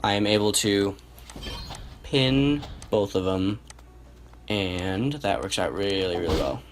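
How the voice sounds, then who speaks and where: Low-voiced man narrating his own match. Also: slow pace. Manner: relaxed, self-correcting, thinks aloud. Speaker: gameplay commentator. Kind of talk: casual match commentary over gameplay. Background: music.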